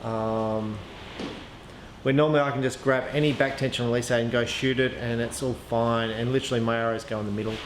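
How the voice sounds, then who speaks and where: A man's voice: mid-range voice, fairly even intonation, a little fast. A man casually reviewing archery gear, thinking aloud with frequent ums and restarts. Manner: chatty, hesitant, lots of ums and restarts. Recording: echoey room with faint ambient noise.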